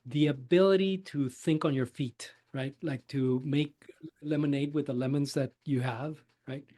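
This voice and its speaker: A man at an ordinary mid pitch co-hosts a podcast. He speaks casually and puts his questions in a thoughtful, measured way. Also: steady tone, mellow. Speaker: podcast co-host. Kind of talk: casual conversation.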